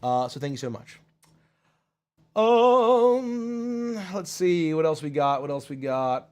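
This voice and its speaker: A man hosting a livestream Q&A, reading chat comments aloud in a high put-on character voice, excitable and casually swearing. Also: fairly quick, clean tone. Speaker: host.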